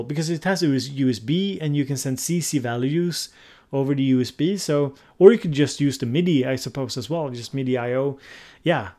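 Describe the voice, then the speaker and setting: A man hosting a relaxed livestream and chatting with viewers. He thinks aloud and sometimes searches for the right English word. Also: medium pitch. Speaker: livestream host. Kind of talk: casual livestream chat, answering viewer comments.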